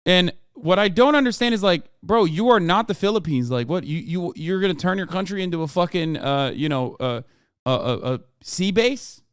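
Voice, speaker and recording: A male streamer in his thirties with a fairly high, smooth voice, cursing freely as he talks over the news. The sound is dry and close, and his delivery keeps turning into animated rants. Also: normal speed, dry recording. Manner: profane, animated ranting. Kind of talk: casual livestream commentary.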